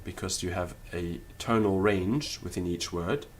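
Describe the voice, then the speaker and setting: A man teaching Latin in a lecture, deliberate and careful, sounding out syllables one by one. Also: low voice, a little hiss or hum. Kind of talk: spoken lecture.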